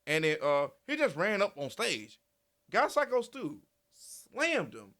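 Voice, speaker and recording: A man giving casual, animated commentary, repeating himself and swearing freely. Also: sits high, slow pace. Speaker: commentary channel host.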